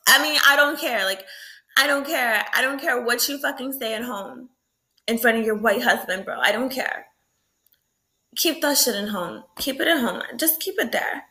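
A woman's voice: high voice, sharp tone. A woman ranting in a late-night video, heated and full of profanity, breaking into laughs. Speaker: vlogger. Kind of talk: late-night rant to camera.

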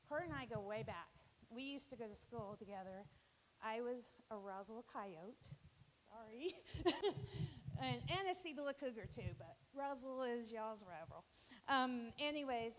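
A middle-aged woman, telling a rambling church testimony in a casual, chatty way with many fillers. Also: fairly high pitch. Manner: rambling, chatty storytelling with frequent fillers and laughs. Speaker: church member sharing a testimony. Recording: long reverb, faint hiss.

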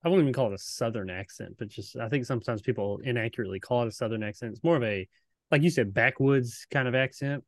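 A man's voice: mid-range voice, fast talker, no echo. A man co-hosting a podcast in casual chat, speaking frankly and bluntly. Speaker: podcast co-host.

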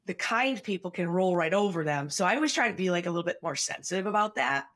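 A woman's voice: on the low side, lively intonation, fast, fairly bright tone. A woman from New England, a podcast guest, talking in a blunt, direct and outspoken way in casual conversation.

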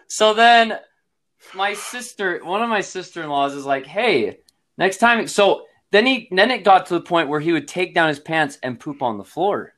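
A man's voice: high-pitched, animated, measured pace, a bit bright. A man in his thirties, a father telling a parenting story in casual chat, laughing often and using lots of fillers.

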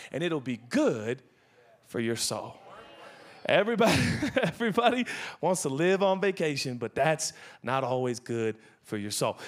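A young man preaching a sermon as pastor, animated and joking, shouting for emphasis at times. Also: fairly high pitch.

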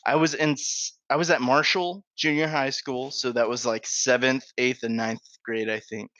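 A man's voice: mid-range voice, fairly even intonation, normal speed, a bit bright, no room sound. A man co-hosting a podcast, casually telling a profane school story and laughing through it. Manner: laid-back, profane, laughs through his stories. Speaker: podcast co-host. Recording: dry, slightly dull sound.

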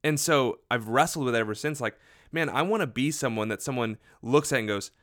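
A man's voice: medium pitch, a little fast, no echo, clean studio sound. A man in a casual podcast chat, telling a personal story earnestly and animatedly, with lots of "like". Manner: earnest, animated, heavy use of "like". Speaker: podcast conversation partner.

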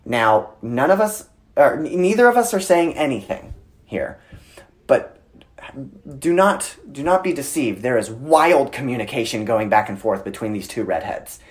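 Man in his 30s telling stories. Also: mid-range voice. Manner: storytelling, animated with filler words. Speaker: guest speaker on communication. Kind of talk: conversational interview.

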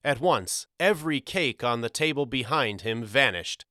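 A man narrating a storybook audiobook in a measured, expressive reading. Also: mid-range voice, dry recording, clean studio sound.

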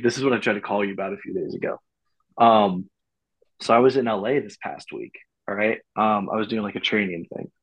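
A man from Pittsburgh, a guest on a casual podcast, telling an animated story and laughing often as he goes. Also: fairly low pitch, breathy edge, highs cut off. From Pittsburgh, USA. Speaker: guest, in the military.

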